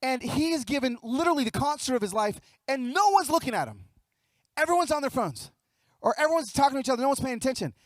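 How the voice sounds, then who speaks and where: High-voiced animated keynote man. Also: fast talker, no room sound. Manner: animated, acts out dialogue, repeats words. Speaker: keynote speaker. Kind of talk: motivational storytelling speech. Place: luncheon event hall.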